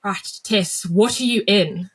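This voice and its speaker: A woman putting on a South African accent to voice her forceful male hockey coach, emphatic and commanding. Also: mid-range voice, slow, breathy edge, pitched above the performer's own voice. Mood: probing.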